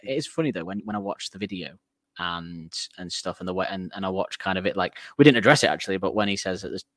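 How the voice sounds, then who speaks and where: Low-voiced man chatting on a podcast. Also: fast, a bit bright, dry recording. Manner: chatty, laughs often, jokey asides. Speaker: podcast co-host. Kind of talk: casual music podcast chat.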